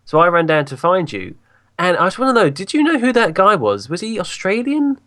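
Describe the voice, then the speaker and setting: A man's voice: high-pitched, fairly quick. A man on a podcast asking the group questions in casual chat. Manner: asks questions, lively questioning. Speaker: podcast co-host.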